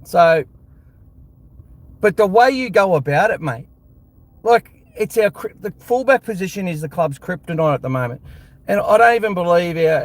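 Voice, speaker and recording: A man with an Australian accent holds forth on his live fan show in a blunt, heated, profane rant. His voice sits a little higher than most men's. The sound is dry, with no room echo.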